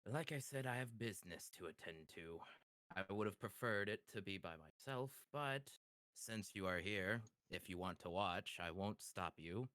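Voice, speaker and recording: A man playing a courteous, quietly menacing devilish gentleman with a low voice. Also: expressive, normal speed, dry recording. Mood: composed.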